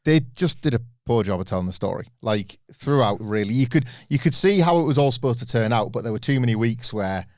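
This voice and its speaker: A man's voice: medium pitch, expressive, fast talker, hardly any pauses, darkish tone, no echo, clean studio sound. Wry podcast man. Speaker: podcast co-host. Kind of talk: casual chat.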